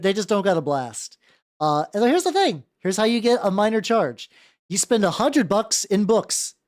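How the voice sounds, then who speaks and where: A streamer chatting casually about a tabletop game, rambling off on tangents, restarting sentences and swearing freely. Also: mid-range voice. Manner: greets chat viewers mid-flow. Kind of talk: casual live-stream chat.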